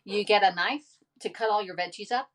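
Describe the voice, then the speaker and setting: A woman's voice: medium pitch, a little fast, recorded from a distance. A woman hosting a cooking livestream, chatting casually. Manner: chatty, animated, talks straight to viewers. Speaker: home cooking livestream host. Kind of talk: casual live-stream chat and product pitch.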